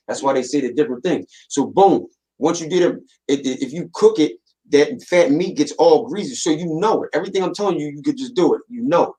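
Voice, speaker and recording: A man hosting a casual chat, talking in animated street slang with lots of repeats. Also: fairly high pitch, fast, hardly any pauses, poor audio. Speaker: host. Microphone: desk mic.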